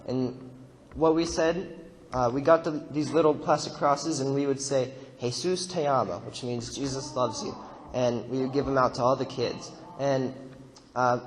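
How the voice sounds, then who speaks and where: A man's voice: mid-range voice, big-room sound, slight background noise. A young man casually recounting a mission trip while narrating a slideshow, rambling with fillers and laughs. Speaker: mission trip member giving testimony.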